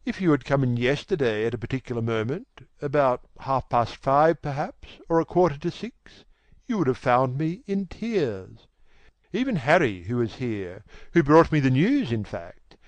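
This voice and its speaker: A man's voice: medium pitch, no echo, voice pushed up. Vain, cold young gent, a male reader's character voice, lilting and dry, languid and dismissive. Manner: languid, self-assured, dismissive. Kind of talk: audiobook character voice.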